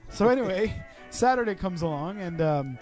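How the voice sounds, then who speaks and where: A man's voice: high voice, expressive, normal speed, a little mellow, soft background music. A young man hosting a casual chat among friends, profane and teasing, telling a story and putting on voices. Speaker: podcast host.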